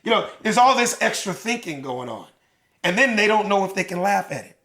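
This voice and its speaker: Middle-aged male comic, fairly high, bright delivery; animated storyteller who slips into character voices. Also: a little fast. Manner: animated storyteller, acts out crowd voices, swears freely. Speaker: stand-up comedian, podcast guest. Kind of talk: casual podcast chat, retelling a stand-up bit.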